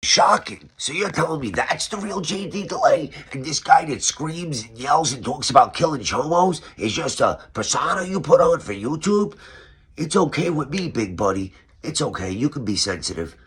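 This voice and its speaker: A man with a New York accent hosts a comedic roast framed as an interview. His voice is slightly husky, and he delivers each question with sarcastic, mock-serious emphasis. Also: on the high side, sing-song, normal speed, a bit bright. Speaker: roast host.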